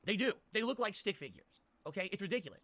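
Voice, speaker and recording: Complaining man with a high, bright voice. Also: expressive, quick pace. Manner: complaining, insistent, keeps asking "okay?". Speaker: streamer. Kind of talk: ranting stream commentary.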